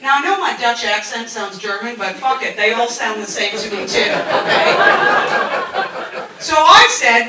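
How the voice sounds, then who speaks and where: A woman's voice: on the high side, lively intonation, normal speed, recorded from a distance. A Canadian woman doing a stand-up comedy set, telling chatty, self-mocking stories with crude punchlines. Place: comedy club stage with audience. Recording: very echoey club heard from afar. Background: audience laughter and room noise.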